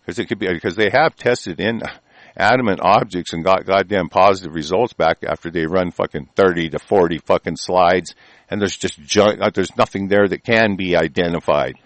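A man's voice: deep voice, normal speed, no room sound. A man ranting angrily as a talk show host, swearing constantly and laughing mockingly. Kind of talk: profane conspiracy rant.

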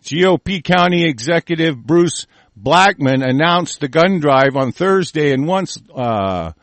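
Angry, gravelly, swearing American man. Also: a little high, expressive, unhurried, no echo. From United States. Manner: angry, swearing, shouting insults; stumbles while reading headlines aloud. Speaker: host. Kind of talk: profane ranting commentary on news.

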